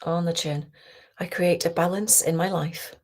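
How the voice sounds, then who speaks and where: A woman coach leading a guided tapping session, talking slowly and soothingly and often dropping to a whisper. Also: on the low side, fairly even intonation. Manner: slow, soothing, softly guiding with whispered phrases.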